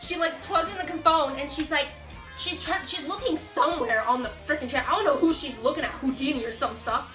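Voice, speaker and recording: A young woman telling a storytime vlog in an animated, excitable, self-mocking way. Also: sits high, fairly quick, reverberant, soft background music. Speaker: vlogger.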